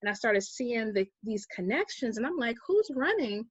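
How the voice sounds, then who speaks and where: A woman guest telling a personal story in a casual interview, animated and acting out the people she quotes. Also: on the high side, moderate pace, breathy edge, dry recording, muffled recording. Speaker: guest, vegan activist.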